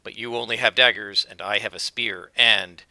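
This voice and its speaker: A man's voice: lowish voice, steady tone, moderate pace, vocal fry, sharp tone, no echo, heavily acted, rough recording. A man voicing a bold spear-wielding warrior. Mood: defiant. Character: brave male spear warrior, bold and defiant.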